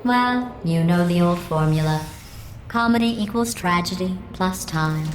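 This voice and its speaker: An actress voicing a cold, sarcastic female AI that runs test chambers, speaking in a deadpan, passive-aggressive way through a synthetic robotic filter. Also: fairly low pitch, measured pace, noisy background. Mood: dry. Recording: echoey game audio with music behind.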